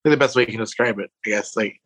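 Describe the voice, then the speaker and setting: A man playing a tabletop game, speaking softly and hesitantly in character. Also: lowish voice, husky. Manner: soft-spoken, hesitant, slow. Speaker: player. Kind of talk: tabletop role-play.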